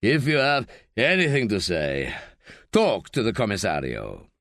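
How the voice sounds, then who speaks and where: Man doing a heavyset irritable coroner, brusque, short of breath, lowered voice, dry close audiobook sound. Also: huge pitch swings, unhurried, fairly bright tone, no room sound, heavily acted. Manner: brusque, dismissive. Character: heavy, irritable middle-aged male coroner.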